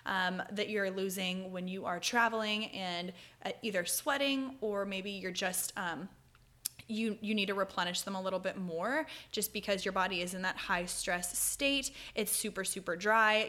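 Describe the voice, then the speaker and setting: A woman's voice: medium pitch, fairly bright tone. A young woman hosting a podcast, giving casual advice in a chatty, loose way with fillers and self-corrections. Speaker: podcast host.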